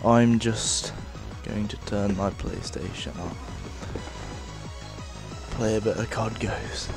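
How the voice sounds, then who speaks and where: A young man rambling casually through a let's-play of a game on a headset mic, with lots of fillers and sudden shouts of frustration. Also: lowish voice, fairly even intonation, slow, music in the background. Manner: rambling, filler-heavy, bursts into rage shouts. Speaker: gaming video host.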